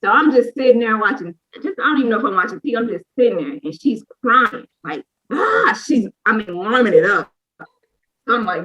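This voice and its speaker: A woman, co-hosting a casual chat and telling a lively personal story, acting out what people said. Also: a little high, brisk, poor audio. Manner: lively storyteller who acts out quotes. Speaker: co-host sharing a personal story.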